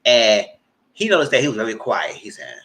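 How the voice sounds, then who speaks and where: A man hosting a TV recap channel, retelling a story loudly and dramatically, with swearing and "girl" and "y'all" asides, sometimes squealing high voices for the people he quotes. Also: big pitch swings, fairly quick. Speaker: channel host reviewing TV. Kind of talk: animated casual recap.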